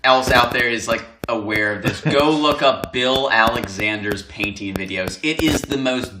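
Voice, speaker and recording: A man co-hosting a casual podcast, animated and quick to laugh. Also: medium pitch. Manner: animated, laughing, bursts into loud mock accents. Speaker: podcast co-host. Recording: echoey room with background noise.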